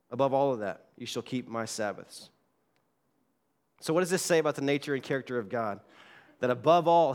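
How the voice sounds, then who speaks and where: A man pastor preaching a sermon in a church, reading scripture aloud and repeating key words for emphasis. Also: medium pitch. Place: church sanctuary.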